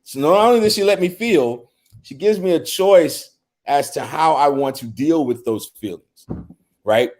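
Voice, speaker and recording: A man's voice: fairly high pitch, expressive, unhurried, a little mellow. A middle-aged man on a men's talk show, speaking earnestly in casual conversation and often repeating words as he starts a thought.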